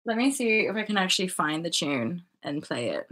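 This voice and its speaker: A woman's voice: on the low side, big pitch swings, fairly quick, fairly bright tone. A Canadian woman in her thirties hosting a spiritual web show, talking in a loose, rambling livestream chat and often restarting her sentences.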